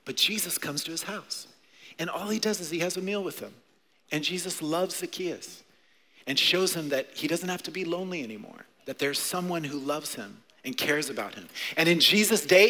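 A man preaching an animated, conversational sermon to children and adults, often checking in with "right?". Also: on the high side. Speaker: pastor. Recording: echoey hall.

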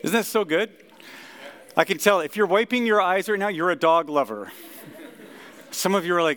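Pastor, male, easygoing talky delivery, slightly higher voice, loose with ums and likes. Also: normal speed, pauses often. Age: 30s or older. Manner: relaxed, chatty, many fillers. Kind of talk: casual conversational sermon. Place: church service.

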